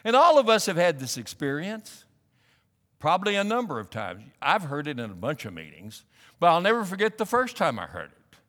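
A man preaching a sermon as a pastor, animated and building up to emphatic, pressing questions. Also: a little high, brisk, long reverb tail. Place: church sanctuary.

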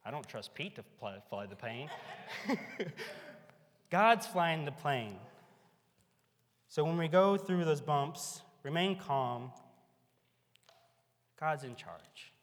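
A man's voice: a little high, expressive, slow, pauses often. A man preaching a sermon in a folksy, emphatic way, with a band on hand in a large hall. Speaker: pastor. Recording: echoey hall.

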